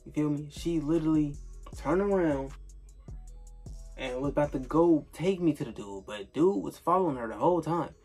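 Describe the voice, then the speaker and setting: A man's voice: a little high, normal speed, a little mellow, slightly rough, faint music behind. A young man telling a casual storytime vlog, rambling and swearing, with lots of filler tags. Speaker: storyteller vlogger.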